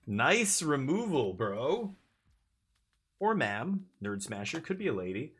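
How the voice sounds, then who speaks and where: A man's voice: mid-range voice, sing-song, slow, fairly bright tone, husky. A man chatting casually as he streams a card game, rambling with jokey asides. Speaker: live streamer. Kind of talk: casual gameplay commentary.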